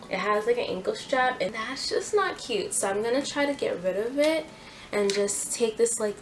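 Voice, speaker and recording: A woman's voice: medium pitch, a little hiss or hum, rough recording. A young woman hosting a casual clothing haul vlog, chatty and gushing, with lots of fillers. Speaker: fashion YouTuber.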